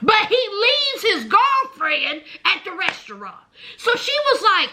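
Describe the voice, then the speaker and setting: A woman's voice: very high voice, big pitch swings, measured pace, bright, forceful tone. A woman giving a casual, sassy recap of a reality show, chatty and laughing often as she tells it.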